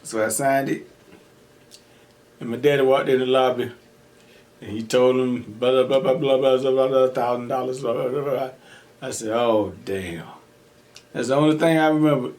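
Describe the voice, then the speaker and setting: A man's voice: mid-range voice, level tone, normal speed, pauses often, darkish tone. A young man hosting an eating show, telling a story casually, laughing often and acting out quotes. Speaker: mukbang host.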